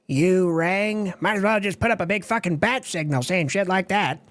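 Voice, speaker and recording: A performer voicing a brash, crude personified America in an animated web series. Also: medium pitch, moderate pace, natural voice.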